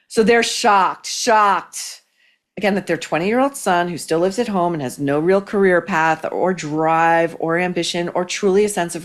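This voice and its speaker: Woman host ranting, scathing, kinda low voice, trips over her words. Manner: scathing, fast-flowing, with many restarts. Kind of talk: opinionated commentary.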